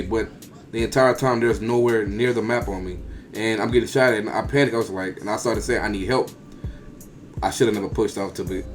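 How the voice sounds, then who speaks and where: A man giving a casual, rambling voice-over that talks through his own gameplay clips play by play, with slang. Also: on the low side. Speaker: gaming video creator.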